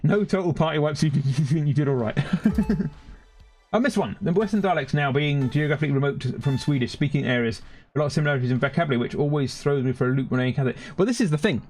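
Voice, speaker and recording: Young London-accented male streamer: husky, a bit high-pitched, chatty and scattered, faint game music in the mix. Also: fast talker, a little mellow. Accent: London English. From Britain. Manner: rambling, self-interrupting, reacting to the game mid-sentence. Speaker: gaming streamer. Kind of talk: casual live-stream chat over gameplay.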